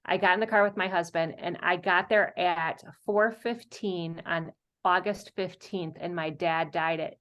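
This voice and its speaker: A middle-aged woman, a counselor, talking earnestly as a podcast guest in casual conversation, in quick expressive bursts. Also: fairly low pitch.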